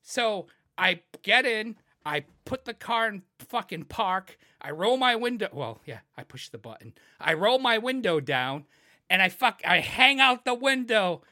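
A man in his thirties from New England, telling profane, animated road stories in a casual chat and shouting the lines he quotes. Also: sits high, measured pace, no room sound, clean studio sound.

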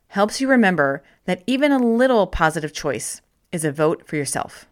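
Narrating a self-help audiobook, this woman uses a fairly low, sing-song voice. She's gentle and encouraging, leaning slowly and deliberately on key words.

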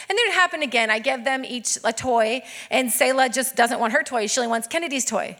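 Preaching a sermon, a woman pastor in her thirties speaks fast and with few pauses in a high, bright voice. She tells stories with plenty of energy, acting out each person's lines, and stays lively and expressive the whole way through.

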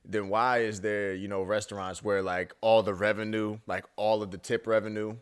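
A man's voice: fairly low pitch, little pitch movement, moderate pace, smooth. A young man co-hosting a podcast, chatting casually in a rambling way, full of fillers and slang. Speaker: podcast co-host. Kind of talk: casual chat.

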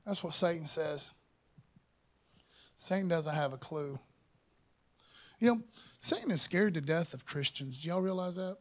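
A man with a high voice preaches to his congregation in a loose, conversational way. He drops in "man" and "you know" often and rises in pitch and volume when he quotes scripture. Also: a little slow, long pauses. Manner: reads scripture louder and higher. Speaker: pastor. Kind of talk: sermon.

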